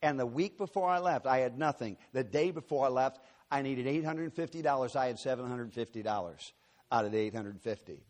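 A man's voice: mid-range voice, brisk, darkish tone. A man preaching a sermon to a church congregation, telling personal stories with folksy, joking asides. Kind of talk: sermon with storytelling.

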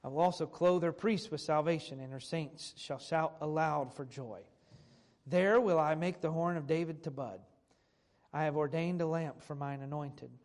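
A man's voice: on the high side, moderate pace, a little mellow. A man preaching a sermon who reads old scripture aloud and then restates it in plain everyday words. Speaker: pastor.

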